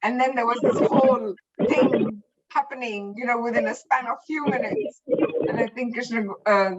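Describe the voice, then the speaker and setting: A woman guest chatting about memories of her teacher, animated and full of restarts. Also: fairly high pitch, normal speed, muffled recording, very noisy. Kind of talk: casual spoken reminiscence.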